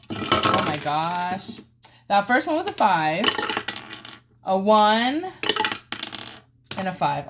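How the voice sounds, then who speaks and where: A woman's voice: mid-range voice, background noise. A woman hosting a casual budgeting vlog, chatting through dice-roll savings games with playful groans and cheers. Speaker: budgeting channel host.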